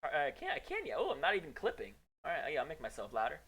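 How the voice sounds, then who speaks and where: A man's voice: on the high side, huge pitch swings, fast talker, fairly bright tone, slightly rough. A man casting an esports match, joking, teasing his co-caster and bragging in playful color commentary.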